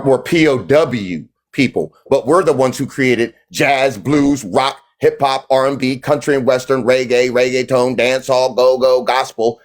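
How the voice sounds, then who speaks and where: A man hosting a live stream, arguing in a confrontational, mocking way and repeating his phrases. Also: medium pitch. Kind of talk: heated live-stream argument.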